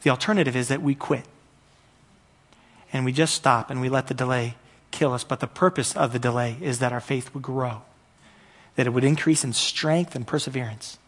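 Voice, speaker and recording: A man's voice: mid-range voice, moderate pace. A man preaching a sermon as pastor, earnest and repetitive, building in intensity at the peaks.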